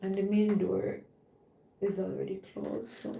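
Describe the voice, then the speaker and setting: A young adult woman, chatting casually on a live stream and loudly urging her dog along between asides. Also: mid-range voice, level tone, a little slow, vocal fry, a little hiss or hum.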